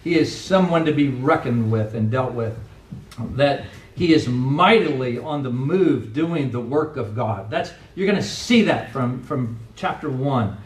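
Pastor preaching in an echoey hall. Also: male voice, medium pitch, lively intonation, a little slow. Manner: conversational preaching, rhetorical questions, acts out quoted lines. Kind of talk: sermon. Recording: echoey room from far off, faint noise.

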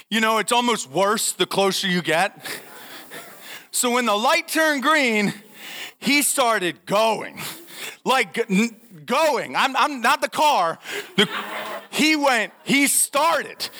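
A young man telling a funny story in a talk, animated and laughing, acting out what people said. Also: high voice, unhurried. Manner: animated, laughing, acts out quotes. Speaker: speaker giving a talk.

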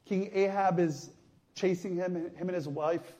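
A male priest giving a conversational sermon, going from soft, quiet asides to loud emphatic passages. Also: sits high, fairly even intonation, a little slow. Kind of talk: sermon teaching.

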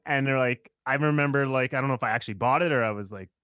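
A man's voice: medium pitch, racing, a bit bright, dry recording, studio quality. A Canadian man co-hosting a casual podcast, laughing often and swearing. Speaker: podcast co-host. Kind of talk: casual chat.

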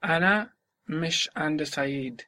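A language student answering a teacher's drills with short, quick phrases. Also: medium pitch, pushed and bright.

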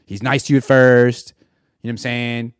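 A man giving solo sports reaction commentary, sarcastic and animated, acting out imagined quotes from the people he talks about. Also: mid-range voice, moderate pace, smooth, dry recording, studio quality.

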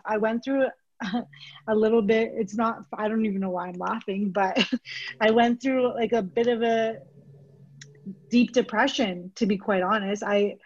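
Woman cohost chatting, kinda high voice, lots of ums, muffled lo-fi audio. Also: a little mellow, breathy edge. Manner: candid, lots of "um" fillers. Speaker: podcast co-host. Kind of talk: casual chat. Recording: dull lo-fi podcast recording.

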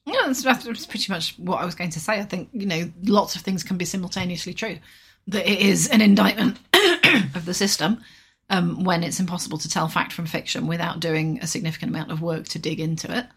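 A woman co-hosting a podcast, reasoning through points in a measured, dry way. Her voice is low and slightly husky. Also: a bit bright. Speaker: podcast co-host. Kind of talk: casual podcast discussion.

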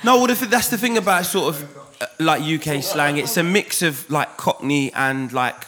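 A man's voice: fairly high pitch, normal speed, a crowd in the background. A man co-hosting a podcast, chatting casually and explaining slang with playful examples. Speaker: podcast co-host.

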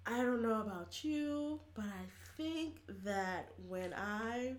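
A woman's voice: fairly high pitch, slow pace, roomy sound. A woman chatting casually, telling a story with swearing and voicing the people in it. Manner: animated storytelling, profane, acts out quotes. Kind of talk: casual chat.

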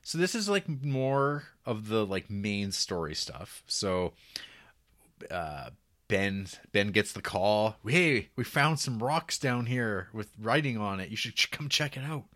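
A man's voice: fairly low pitch, very animated, slow, a bit bright. A man co-hosting a casual podcast, recapping TV episode plots in a rambling way and laughing often. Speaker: podcast co-host.

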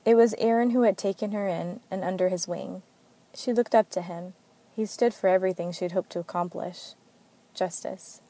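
A woman narrating an amateur story reading in a steady, plain manner. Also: medium pitch, normal speed.

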